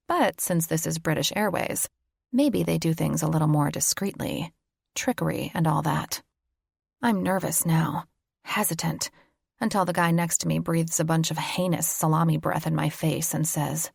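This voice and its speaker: A woman reads a first-person audiobook in a wry, confiding tone, slipping into whispers for private thoughts. Her voice sits a bit low with a husky, gravelly edge. The recording is dry and close. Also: normal speed, a little mellow, no echo. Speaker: audiobook narrator.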